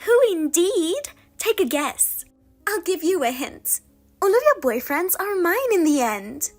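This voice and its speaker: A woman's voice: extremely high pitch, very animated, unhurried, soft background music, pitched above the performer's own voice, exaggerated voice. A woman voicing a smug, spiteful younger sister in a story reading, taunting and gloating. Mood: teasing. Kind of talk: audio drama reading.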